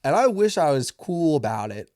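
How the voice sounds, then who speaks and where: Fairly high-pitched and very animated, this twenty-something comedian talks at a moderate pace with a darkish tone. Recorded dry and studio clean, he tells profane, rambling, self-deprecating stories like a podcast host.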